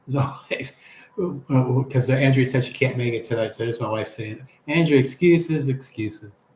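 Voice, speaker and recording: An older man chats through a live stream, reading viewers' comments aloud and answering them. His voice is medium-pitched and steady at a moderate pace, and a faint hum sits under the room's echo.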